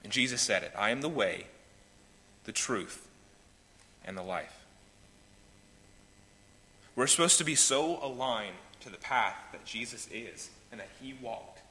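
A man preaching a sermon as pastor, swinging between loud pleading and hushed, quiet lines. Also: mid-range voice, animated, unhurried, pauses often. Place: church sanctuary. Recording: reverberant hall with faint noise.

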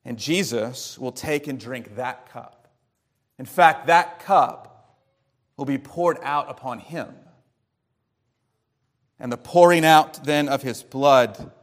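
Teaching his way through the scripture, a medium-pitched male pastor preaches an expository sermon. He raises rhetorical questions and varies his volume and speed to stress key points.

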